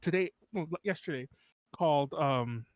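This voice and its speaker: A man's voice: on the high side, moderate pace, dry recording. A man co-hosting a podcast in casual chat, rambling, swearing and laughing often. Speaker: podcast co-host.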